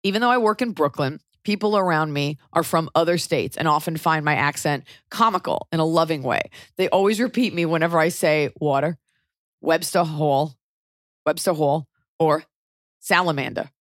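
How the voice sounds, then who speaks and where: A woman's voice: low voice, expressive, brisk, few pauses, no room sound, clean studio sound. A woman with a New York accent, a listener reading out her question to the show in a friendly, chatty way.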